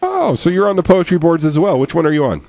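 A man's voice: a little high, wildly swooping pitch, fast talker, darkish tone, no echo. A man hosting a live call-in poetry show, speaking in an easygoing, encouraging way.

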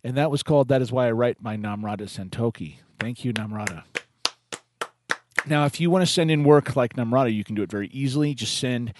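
A man hosting a poetry call-in show, chatting loosely with restarts and reading a listener's poem slowly and softly. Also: medium pitch, background noise. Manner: slow, soft reading of a poem.

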